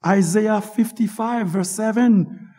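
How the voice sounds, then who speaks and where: A man preaching a fervent sermon, rising to shouts and dropping to hushed pleas. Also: sits high, slow, breathy edge.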